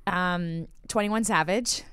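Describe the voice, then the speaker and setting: Woman podcast host, chatty, laughs easily, smooth clear voice, dry close sound. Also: on the low side, takes it slowly, fairly bright tone, no room sound. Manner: laughs often, chatty and enthusiastic. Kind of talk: casual chat.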